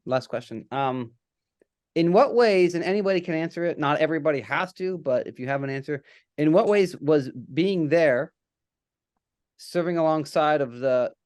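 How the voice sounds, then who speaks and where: A man's voice: on the high side, a little mellow, clear, resonant tone. A man interviewing mission trip members, asking questions and encouraging them with short responses.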